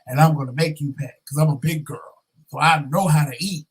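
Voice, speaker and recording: A man's voice: on the high side, fairly even intonation, brisk, husky, rough recording. A man hosting a vlog, telling a rant story in a sassy, profane, dramatic way and acting out both sides of it. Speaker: vlog host.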